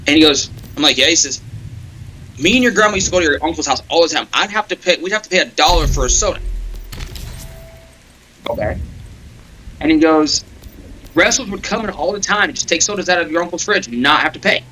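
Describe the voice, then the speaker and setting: A bright, forceful male voice, a touch higher than most men's, carries a lively run of anecdotes over an online voice chat. He laughs and swears his way through the stories. A faint hum of room ambience sits underneath. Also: quick pace, rough recording. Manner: animated storyteller, laughs often, swears. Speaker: guest on a gaming stream. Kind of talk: casual storytelling chat.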